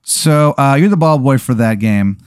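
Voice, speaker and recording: A man casually spins an absurd hypothetical, rambling through fillers with a deadpan delivery. His voice is mid-pitched and dry, recorded close with no room sound. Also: normal speed, clean tone, dry recording. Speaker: podcast host telling an absurd hypothetical. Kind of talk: casual improvised storytelling.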